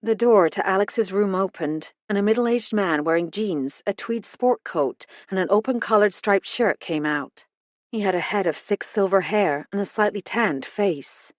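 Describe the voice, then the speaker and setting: A woman narrating a first-person cozy mystery audiobook in an even, measured reading. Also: medium pitch, dry recording.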